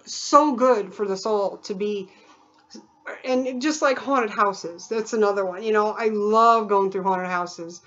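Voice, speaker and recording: A woman's voice: mid-range voice, takes it slowly, fairly bright tone, muffled recording. A woman vlogging in a casual, rambling way, full of fillers and imitated sounds. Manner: chatty, digressive, with many fillers and imitated sounds.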